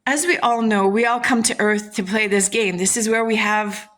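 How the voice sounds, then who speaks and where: A woman's voice: mid-range voice, fairly even intonation, normal speed, a bit bright. A woman hosting a self-help channel, speaking in a frank, casual motivational talk, swearing freely and acting out people's inner voices.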